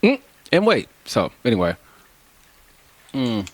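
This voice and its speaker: A man's voice: mid-range voice, huge pitch swings, takes it slowly, a little hiss or hum. A man rapper from Kansas City telling loose, laughing stories full of slang and cursing. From Kansas City, Missouri, USA. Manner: laid-back, laughing, heavy slang and cursing. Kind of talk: casual profane storytelling.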